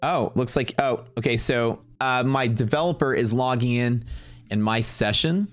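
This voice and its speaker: A man's voice: mid-range voice, normal speed, no room sound, faint music behind. A man hosting a live day-trading stream, talking loosely and rambling, with some casual swearing. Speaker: day-trading livestream host.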